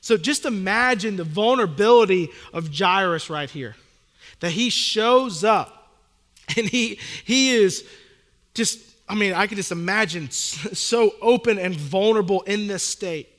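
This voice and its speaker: Pastor, male, high voice; earnest, casual sermon delivery; reverberant hall. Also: lively intonation, a bit bright. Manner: reads scripture slowly, then retells it in casual modern talk; earnest, emphatic, repeats key phrases. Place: church hall.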